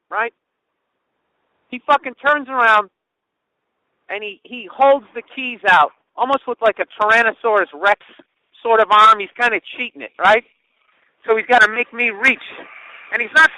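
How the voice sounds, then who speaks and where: Sharp, high-voiced man ranting profanely. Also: no room sound, poor audio. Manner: profane, sarcastic storytelling rant. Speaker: podcast host. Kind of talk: casual comedic monologue.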